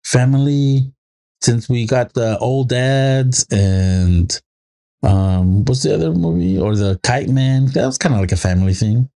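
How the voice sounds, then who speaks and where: A man's voice: medium pitch, unhurried, warm tone. A man co-hosting a casual podcast, rambling through family anecdotes and acting out his little daughter's lines. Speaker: podcast co-host. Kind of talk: casual chat.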